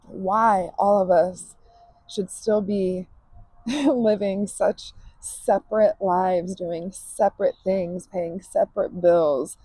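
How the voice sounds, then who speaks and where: Female podcast host, mellow husky voice, candid and emphatic, outdoor backyard monologue. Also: lowish voice, no room sound, low-quality recording. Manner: emphatic, swears freely, laughs often.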